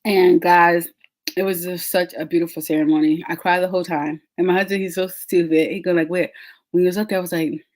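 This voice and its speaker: A woman in her thirties hosting a podcast, telling a story in animated casual chat and laughing often. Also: lowish voice, a little fast. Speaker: podcast host.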